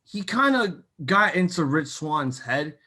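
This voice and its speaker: A young man co-hosting a casual wrestling chat show, excitable and animated, with many fillers. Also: a little high, slow. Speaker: co-host.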